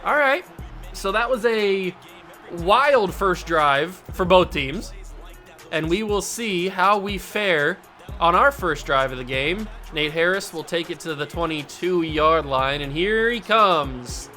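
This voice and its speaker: A man hosting and commentating his own football video game, animated and jokey, with bursts of mock outrage. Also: high-pitched, slow pace, soft background music. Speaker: gaming YouTuber host. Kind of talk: live gameplay commentary.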